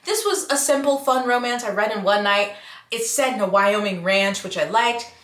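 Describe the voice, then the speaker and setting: A woman's voice: mid-range voice, moderate pace, a bit bright, echoey room. A woman chatting casually to camera about books, frank and given to exaggerated reactions, recorded in a room at home. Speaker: book reviewer.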